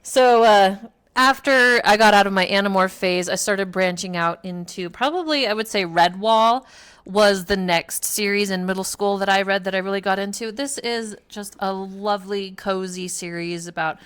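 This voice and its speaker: Smooth-voiced chatty middle-aged woman. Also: medium pitch, moderate pace, a bit bright. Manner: chatty, rambling, self-correcting. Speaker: book reviewer, mother. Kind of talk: casual book chat.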